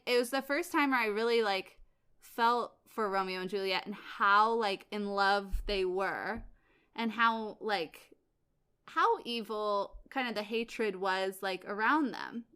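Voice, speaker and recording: A woman co-hosting a podcast, chatting casually about a play and acting out the characters in quick, animated asides. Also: mid-range voice, clear, resonant tone. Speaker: podcast co-host. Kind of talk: casual theater discussion.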